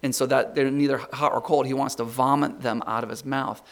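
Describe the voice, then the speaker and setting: A middle-aged man preaching a conversational sermon, stumbling over repeated words and rising loud and slow when he reads scripture. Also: medium pitch, fairly even intonation, vocal fry.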